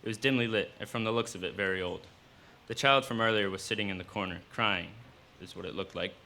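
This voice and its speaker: A man reading his own fiction aloud at a live cafe event, in steady storytelling narration. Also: lowish voice, fast talker, gravelly.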